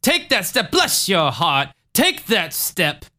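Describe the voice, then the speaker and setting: A man putting on the voice of a theatrical faith-healing preacher, with a booming, sing-song preaching cadence. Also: wildly swooping pitch, slow, bright, forceful tone, exaggerated voice. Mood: coaxing. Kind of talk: casual chat.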